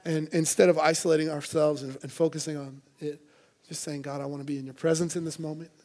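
A man's voice: a little high, flat delivery, quick pace, darkish tone. A man preaching a sermon to a church congregation, earnest and conversational, with playful asides. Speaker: pastor.

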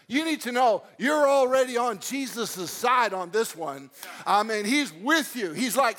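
A man preaching a sermon with a fairly high voice. His delivery is animated, rising to loud emphatic lines and dropping into hushed storytelling. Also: normal speed. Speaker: pastor.

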